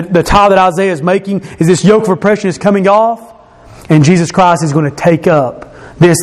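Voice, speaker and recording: A man preaching a sermon, explaining scripture verse by verse and repeating key phrases, slowing and dropping his voice for emphasis. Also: high-pitched, a little mellow. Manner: slows and drops his voice for emphasis.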